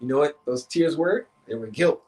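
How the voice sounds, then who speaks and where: A man with a fairly high voice tells a story on a live stream. He is animated and swears freely as he talks. He acts out the voices of the people in his story. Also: moderate pace, rough recording. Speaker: therapist and relationship coach.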